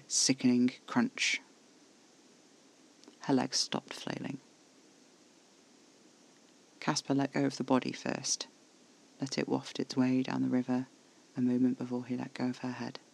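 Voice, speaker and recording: A man narrating a first-person horror audio drama in a measured, intimate storytelling manner. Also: mid-range voice, gravelly, a little mellow.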